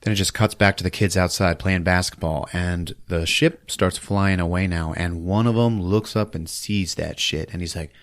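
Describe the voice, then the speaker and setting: A man's voice: sits low, steady tone, moderate pace, hardly any pauses, dry recording. A man hosting a podcast, giving a casual, profane, laughing recap of a film and acting out scenes. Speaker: podcast host.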